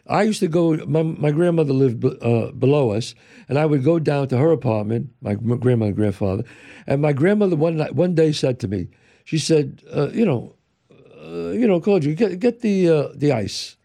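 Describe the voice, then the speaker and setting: A man's voice: a little high, a little fast, gravelly. An older man from New York, a guest telling family stories in an interview and acting out his relatives' voices. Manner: animated, acts out relatives' voices. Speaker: guest, actor and writer. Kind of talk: storytelling interview.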